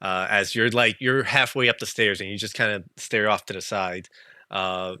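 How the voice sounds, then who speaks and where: Man, game master, loose chatty narration, bright voice, dry sound. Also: lowish voice, fairly even intonation, normal speed, no room sound. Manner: loose, laughing narration with many fillers. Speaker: dungeon master.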